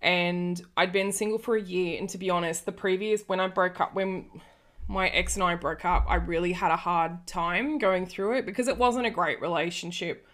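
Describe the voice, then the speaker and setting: A woman's voice: on the low side, steady tone, moderate pace, a bit bright. A woman in her early thirties chatting casually on a podcast, telling a rambling story full of restarts. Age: early 30s. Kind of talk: casual chat.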